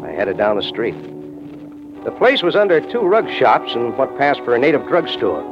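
A man's voice: medium pitch, very animated, normal speed, lightly acted. An actor playing a hard-boiled American man who narrates his own case, dry and wisecracking, in 1940s radio acting. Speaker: narrator and lead. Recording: dull old radio recording. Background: music.

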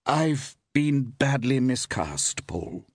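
A man reading aloud, voicing a glamorous, gushing actress with affected, drawn-out endearments. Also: medium pitch, sing-song, darkish tone, slightly rough, dry recording, clean studio sound, pitched above the performer's own voice.

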